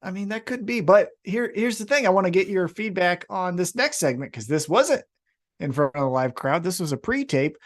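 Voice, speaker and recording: A man co-hosting a podcast, recapping wrestling in casual, profane, animated storytelling. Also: high-pitched, moderate pace. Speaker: podcast co-host.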